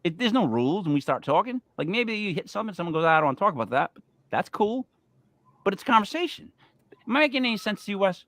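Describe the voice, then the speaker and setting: A man's voice: sits high, very animated, fast, fairly bright tone, no echo. A man hosting a casual podcast chat, talking emphatically and repeating words as he makes his point. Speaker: host.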